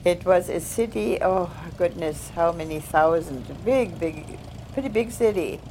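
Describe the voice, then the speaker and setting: An older woman from Germany, earnestly recounting her past, pausing and restarting as she remembers. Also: on the low side, lively intonation, warm tone, a little hiss or hum. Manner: earnest, heartfelt recollection with halting restarts. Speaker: survivor giving testimony. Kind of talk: personal storytelling.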